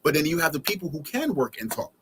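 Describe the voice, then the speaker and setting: A man talking casually as a podcast guest, relaxed and repeating words for emphasis. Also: fairly high pitch, fast talker, background noise. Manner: laid-back, repeats phrases for emphasis. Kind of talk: casual chat.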